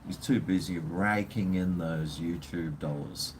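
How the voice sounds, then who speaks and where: A man's voice: low-pitched, measured pace, a little hiss or hum. A man with an Australian accent, ranting bluntly and swearing as he chats casually with viewers on his livestream. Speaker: live stream host.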